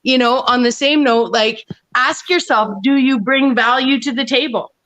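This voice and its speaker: A woman's voice: high voice, moderate pace, fairly bright tone. A woman talking casually on an online panel, rambling with many restarts and frequent laughs. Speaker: panel guest.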